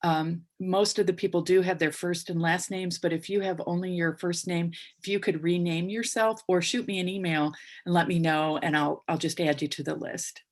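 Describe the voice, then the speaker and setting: A woman's voice: fairly low pitch, steady tone. Polite woman hosting a video call. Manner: polite, halting, with many fillers. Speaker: memorial host.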